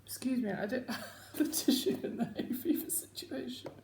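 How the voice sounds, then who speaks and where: A woman's voice: high voice, moderate pace, gravelly, darkish tone, a little hiss or hum. A woman hosting her own casual video chat, rambling and self-mocking as she talks at home. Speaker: host. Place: home room. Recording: echoey home room.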